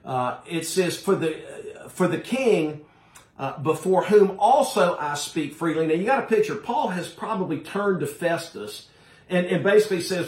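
A pastor with a high, lively voice preaches to his congregation at a moderate pace, emphatic and direct, and calls his listeners "folks." The room is echoey.

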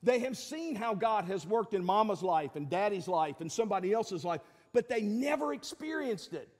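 A man's voice: high-pitched, lively intonation, moderate pace, darkish tone, big-room sound. A male pastor, preaching a sermon in a conversational, folksy way with fillers and emphatic peaks.

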